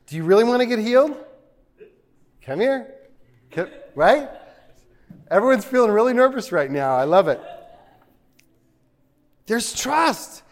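A man preaching a sermon in a church, conversational and joking with the congregation. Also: high-pitched. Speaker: pastor.

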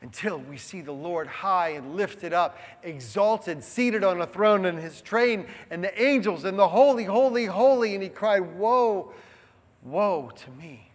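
A man preaching a sermon, shifting between hushed reflection and emphatic proclamation. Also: high-pitched, measured pace, hardly any pauses. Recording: long hall reverb.

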